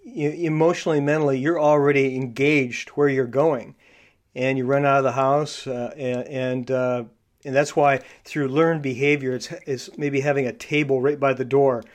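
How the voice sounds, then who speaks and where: A man's voice: mid-range voice, fairly even intonation. A male podcast host who explains personality traits in a coaching tone, with frequent fillers and restarts. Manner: halting, many fillers and restarts. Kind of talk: casual interview.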